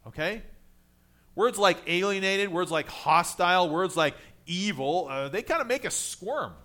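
A pastor with a high, bright voice, pitched well above most men's, preaches a sermon to his congregation. He speaks animatedly and a little slowly in a conversational way. He presses his points forcefully, then lets his voice fall low, quiet and soft.

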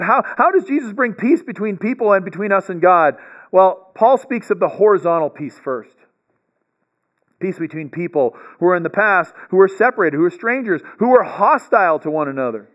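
A man's voice: high voice, a bit bright, muffled recording. A man giving a bible lecture, explaining step by step and often checking in with "right?". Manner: explanatory, frequent "right?" check-ins and restarts. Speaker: bible teacher.

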